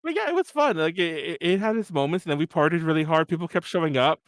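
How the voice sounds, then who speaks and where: A young man co-hosts a podcast in a high, bright register, recorded close and dry. He tells a party story in an animated way, laughing between lines and acting out his own drunken yelling. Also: quick pace, dry recording. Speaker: podcast co-host. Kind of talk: casual storytelling chat.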